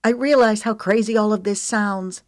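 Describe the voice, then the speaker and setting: A woman voicing a proud, emotional young woman in an audiobook, high-strung and close to tears. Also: fairly even intonation, normal speed, no room sound, close to an everyday voice. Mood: hurt, angry. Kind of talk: audiobook character reading.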